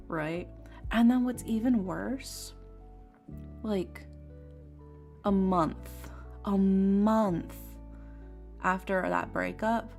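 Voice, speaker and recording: A woman's voice: fairly low pitch, steady tone, slow pace, vocal fry. A young woman streamer chatting casually, talking frankly and swearing as she vents about a painful personal story. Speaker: tarot streamer. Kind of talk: casual chat. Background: faint lofi music.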